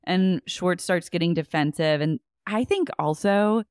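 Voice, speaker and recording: A woman's voice: on the low side, unhurried, a little mellow, smooth, no room sound, studio quality. A woman co-hosting a podcast, animatedly retelling a reality show episode with quoted lines and swearing. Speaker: podcast co-host. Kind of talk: casual chat recapping a reality show.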